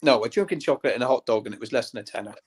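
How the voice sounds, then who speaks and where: Fast-talking man chiming in. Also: mid-range voice, husky. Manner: brief, offhand remarks. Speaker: guest chiming in. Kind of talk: casual chat.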